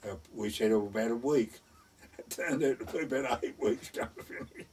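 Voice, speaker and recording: Older man, husky and off-mic. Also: mid-range voice, normal speed, darkish tone, recorded from a distance. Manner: chuckling, acts out quoted voices. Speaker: oral history storyteller. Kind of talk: reminiscing anecdote.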